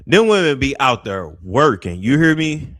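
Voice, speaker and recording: A man streaming casual commentary on travel clips, animated and chatty. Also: mid-range voice, moderate pace. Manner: animated, drops to near whispers when imitating soft speech.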